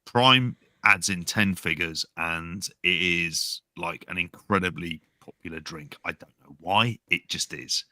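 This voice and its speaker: A man's voice: deep voice, unhurried, few pauses, bright, forceful tone, dry recording, clean studio sound. A man co-hosting a podcast, giving blunt, wry opinions and swearing freely. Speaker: podcast co-host. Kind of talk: casual podcast chat.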